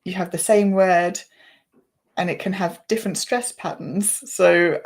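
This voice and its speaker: A woman's voice: fairly low pitch, steady tone, measured pace, a crowd in the background. Woman teacher explaining pronunciation patiently. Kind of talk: explanatory chat.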